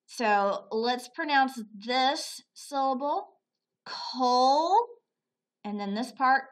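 A woman teaching a phonics lesson to children, sounding out words slowly, repeating them and praising often. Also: high-pitched, animated. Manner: slow, patient, repeats words aloud for pupils; praises often, asks questions and answers them.

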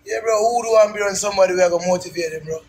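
A young Jamaican man with a Jamaican accent, teasing loudly in casual banter and slipping into patois. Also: high-pitched, racing, a little hiss or hum. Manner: loud, teasing, drops into patois.

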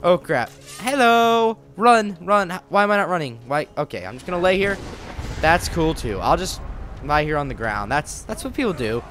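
A man riffs through a video game playthrough, teasing the characters on screen and reacting loudly to every surprise. His voice sits a little high and leaps around in pitch. The commentary is light and jokey throughout. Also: brisk, faint music behind. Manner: excitable, joking, talks back to game characters. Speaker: gaming channel host. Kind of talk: let's play commentary.

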